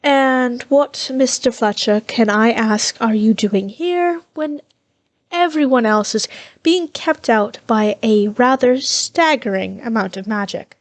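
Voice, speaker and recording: A woman voicing a cool, skeptical young male wizard with a measured manner. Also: a little high.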